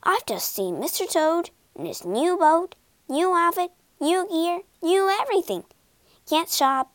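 A woman reading aloud, voicing a male otter in a storybook who talks in a rushed, gasping way. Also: medium pitch, very animated, dry recording. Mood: hurried. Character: hurried breathless male otter.

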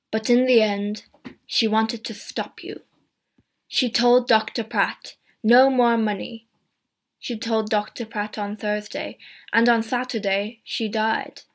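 A woman voicing a calm male police inspector who questions suspects in a measured, steady way. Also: fairly high pitch.

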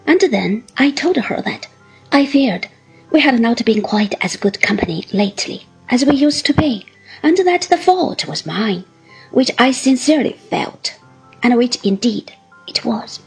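A woman reading a classic novel aloud, with expressive, measured storytelling. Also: a little high, slightly rough, soft background music, low-quality recording. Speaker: reader.

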